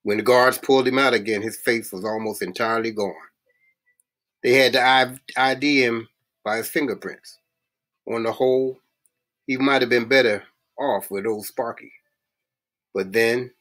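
A man reading a novel aloud in a halting way, often stumbling and restarting words. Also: lowish voice, fairly bright tone. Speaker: reader.

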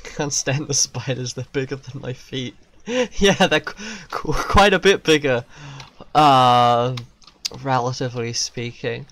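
A man streaming a video game, giving casual commentary that swings from loud, profane yelps to quiet muttering. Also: medium pitch, a little slow.

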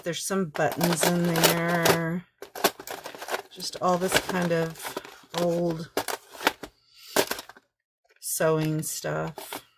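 A woman's voice: fairly low pitch, background noise. A woman craft vlogger chatting casually and ramblingly as she shows off her thrift finds, often correcting herself. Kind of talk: casual show-and-tell haul.

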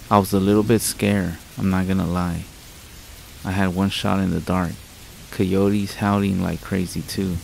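A man reading scary stories aloud as a narrator, in a slow, steady, hushed way, with rain behind him. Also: deep voice, creaky, a little hiss or hum, poor audio. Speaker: horror story narrator. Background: rain sounds.

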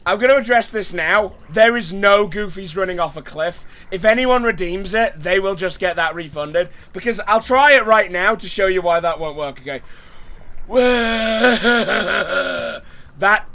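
A man streaming a horror game, his voice hoarse and strained from overuse, rambling and laughing between bits of chat with viewers. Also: sits high, pushed and bright. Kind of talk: casual gameplay livestream chat.

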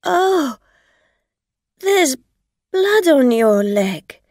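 Woman reader doing a stammering tipsy driver, high pleading voice, slow. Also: very animated, darkish tone, no room sound, studio quality, heavily acted. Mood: flustered. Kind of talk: storybook reading.

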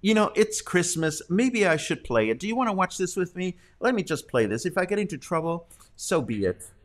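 A man's voice: high-pitched, sing-song, a little fast. A man hosting a casual news livestream, chatting and reading viewer comments with plenty of laughter. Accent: Mexican. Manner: chatty, prone to laughing fits. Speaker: host.

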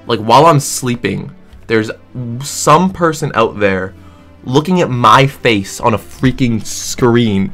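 Animated young man ranting jokingly. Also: mid-range voice, unhurried, soft background music. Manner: animated, exaggerated, jokey, many fillers like "like" and "dude". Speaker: gaming streamer. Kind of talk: casual comedic rant.

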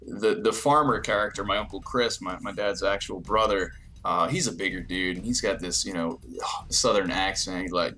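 A man's voice: lowish voice, moderate pace, soft background music. A young man answering interview questions casually, telling stories with many fillers and restarts. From New Jersey, US. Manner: relaxed storytelling, frequent fillers and restarts. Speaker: interview guest, YouTube creator.

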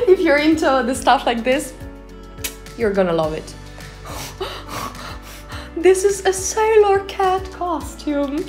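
Young woman, giggly, higher voice, swooping pitch, unhurried, soft music behind. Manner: giggly, laughs often, playful put-on voices. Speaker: vlogger reviewing cat costumes. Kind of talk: casual reaction commentary.

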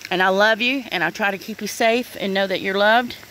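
A woman's voice: mid-range voice, brisk, pushed and bright, slight background noise, low-quality recording. Upset woman venting outdoors. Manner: upset, blunt, swears, says "honey" and "y'all". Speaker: vlogger. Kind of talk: casual vlog rant. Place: outdoors in the rain by her yard.

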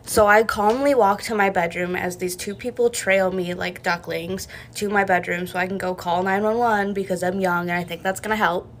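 A woman's voice: mid-range voice, steady tone, normal speed, hardly any pauses, slight background noise. A young woman telling a personal story in a blunt, matter-of-fact way, as a casual storytime to camera.

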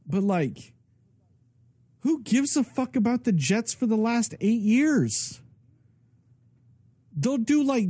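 A male podcast co-host rants in a casual, profane way, his pitch swinging widely. His voice is dark and a little husky. The sound is dry and close. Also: dry recording. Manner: profane, ranting, animated. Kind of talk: casual chat.

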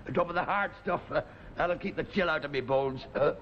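An actor with an Irish accent playing a jovial old Irish tramp who chats in a gravelly sing-song way, on a dull 1970s TV recording. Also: male voice, fairly high pitch, brisk, lightly acted. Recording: dull 1970s TV sound with faint noise.

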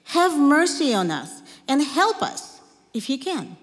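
A woman's voice: high-pitched, big pitch swings, slow, voice pushed up, heavily acted. A woman reading the lines of a desperate father pleading for his sick son in a church scripture reading. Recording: long church reverb.

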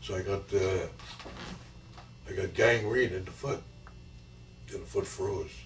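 80 yr old grandpa spinning war stories at home, echoey room, mic kinda far, faint hiss. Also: male voice, sits low, steady tone, a little slow. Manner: rambling, chuckling, repeats key phrases. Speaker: grandfather telling his life story. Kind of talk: casual storytelling interview. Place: family home.

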